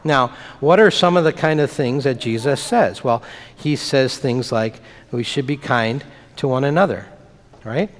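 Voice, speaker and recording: A man's voice: medium pitch, unhurried. Pastor guy chatting with kids at church, friendly and playful, big hall echo. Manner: friendly, playful, speaking simply to children. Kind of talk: children's message in church. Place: church sanctuary. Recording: long reverb of a church hall.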